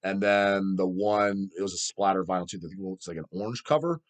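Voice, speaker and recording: A man's voice: deep voice, fairly quick. A middle-aged man hosting a metal channel, ranting profanely and answering viewer questions. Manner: profane, animated, mocks people in put-on voices.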